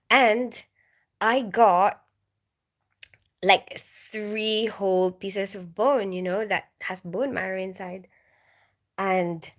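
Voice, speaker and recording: Filipino woman in her forties, livestream host, unhurried, somewhat high voice, giggly storyteller. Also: fairly bright tone. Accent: Filipino English. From Philippines. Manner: chatty storyteller, giggles often, reads chat comments. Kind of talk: casual livestream chat.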